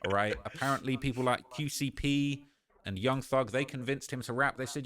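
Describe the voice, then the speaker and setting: A man's voice: mid-range voice, normal speed, fairly bright tone. A man hosting a casual reaction show, giving slangy, opinionated commentary and often tagging lines with "all right?". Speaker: host.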